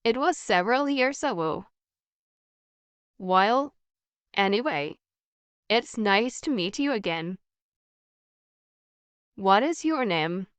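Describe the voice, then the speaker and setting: Very slow, crisp woman's voice. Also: mid-range voice, animated, a bit bright, dry recording. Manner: slow, evenly paced, carefully articulated. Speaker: English practice dialogue voice. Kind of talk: scripted conversation reading.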